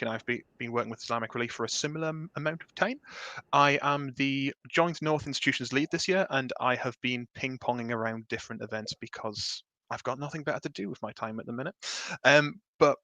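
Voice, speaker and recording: A man's voice: medium pitch, sharp tone, no echo. A young man from the north of England hosting a casual livestream chat, upbeat and jokey. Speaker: event host.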